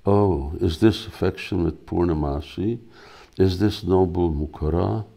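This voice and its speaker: Young noblewoman, read by a man, exclaiming, very deep and dark. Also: a little slow, creaky, full character voice. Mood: amazed.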